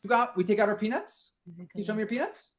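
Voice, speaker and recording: A man's voice: high-pitched, animated, quick pace, slight background noise. A man leading an interactive music lesson for children, playfully coaxing them to repeat after him. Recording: children chattering in the background. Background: children's voices.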